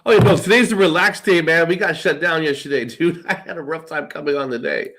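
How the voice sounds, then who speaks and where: A man's voice: on the high side, fast talker, fairly bright tone. A man chatting casually on a live stream, joking, laughing and swearing freely. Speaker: co-host. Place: living in England.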